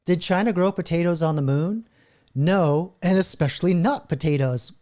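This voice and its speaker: A man's voice: fairly high pitch, moderate pace, warm tone. A middle-aged man hosting a casual reaction video, chuckling often as he reads chatbot answers aloud. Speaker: channel host.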